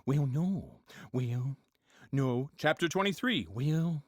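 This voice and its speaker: A man doing an impression of an elderly former president, talking slowly with halting, trailing phrases. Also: medium pitch, sing-song, no echo, clean studio sound. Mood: folksy, vague. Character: impression of an elderly male ex-president, slow and folksy.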